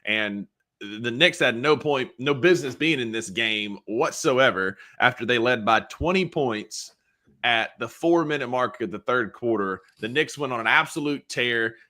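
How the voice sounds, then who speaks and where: Bright-voiced wisecracking male co-host. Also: medium pitch, lively intonation, a little slow. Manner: wisecracking, then emphatic analysis. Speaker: podcast co-host. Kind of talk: casual sports podcast chat.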